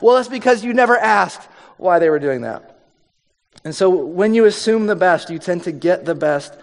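Male pastor, 30s, conversational preacher who slips into acted quotes; high voice, long hall reverb. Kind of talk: sermon.

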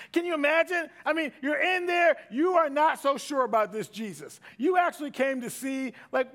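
A middle-aged man preaching a sermon, swinging from loud emphatic bursts to hushed asides. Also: extremely high pitch. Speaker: pastor.

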